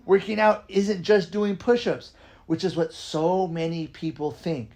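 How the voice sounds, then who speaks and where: Energetic and emphatic, this man, a podcast host and dance coach, chats casually, tossing in frequent "right?"s and the occasional swear. His voice sits high and he speaks a little slowly.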